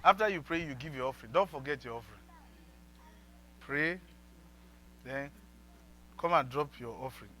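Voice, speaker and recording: A man's voice: mid-range voice, expressive, moderate pace, pauses often, sharp tone, low-quality recording. A man preaching a sermon as pastor, leading the congregation in repeated prayer lines.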